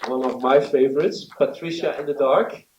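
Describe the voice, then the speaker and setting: Guy giving an award speech, lots of uhs, boomy room, far off mic, kinda dull sound. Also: steady tone, background noise. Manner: halting, many filler pauses. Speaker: award presenter. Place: event venue. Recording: roomy, distant, dull sound.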